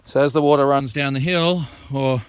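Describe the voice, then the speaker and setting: A man talks his viewers through his outdoor work in an easygoing, chatty vlog style. His voice is smooth and clear, recorded dry and close, and sits at an ordinary middle pitch. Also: moderate pace, no echo. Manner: relaxed, chatty explaining while working outdoors. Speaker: vlogger planting trees. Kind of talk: casual show-and-tell vlog. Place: outdoors on hilly rural land.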